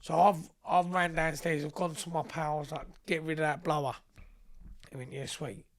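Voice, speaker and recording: A young man tells stories in a loose, casual chat. His voice sits high, and he swears freely as he acts out both sides of each exchange. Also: little pitch movement, moderate pace. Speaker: podcast guest. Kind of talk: casual storytelling.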